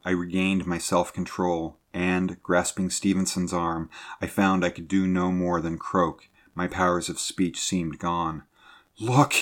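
A man reading a sea adventure story aloud in a measured, low-key narrating manner.

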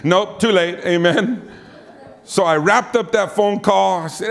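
A man preaching with an animated, storytelling delivery. His voice sits a bit higher than most men's, and he jumps up in pitch when he acts out other people's lines. He punctuates his sentences with "amen.". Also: a little slow, creaky. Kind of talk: storytelling sermon.

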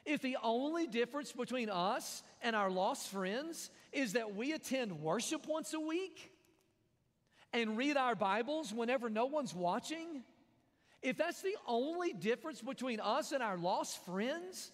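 Man, sermon, high voice, long church-hall reverb. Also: animated, measured pace. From American South. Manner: conversational preaching with jokes and repeated phrases. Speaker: pastor.

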